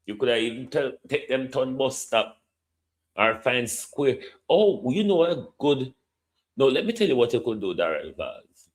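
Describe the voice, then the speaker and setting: A man's voice: mid-range voice, very animated. A middle-aged Jamaican man giving opinionated commentary, stretching key words for emphasis and ending points with a questioning "hmm?". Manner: repeatedly addresses a minister by name, drawn-out emphasis, tag "hmm?". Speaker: political commentator.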